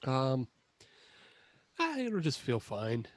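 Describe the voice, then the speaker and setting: A man's voice: mid-range voice, wildly swooping pitch, extremely slow, no room sound. A man co-hosting a podcast, chatting casually over a video call, rambling and correcting himself with frequent laughs. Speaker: podcast co-host. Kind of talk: casual chat.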